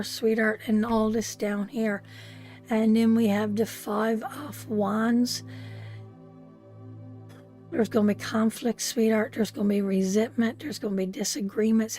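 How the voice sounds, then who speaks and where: A woman's voice: on the high side, a little mellow. A woman giving a live tarot reading, emotional and repetitive, calling the listener sweetheart. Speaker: tarot reader.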